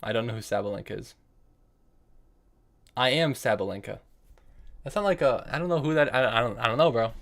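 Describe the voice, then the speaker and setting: A young man live-streams chess from his desk, talking through his moves as he plays. He repeats phrases while he weighs options and breaks off to answer viewers in chat. His voice sits in a middle pitch and is picked up by a desk microphone. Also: brisk, pauses often, a bit bright.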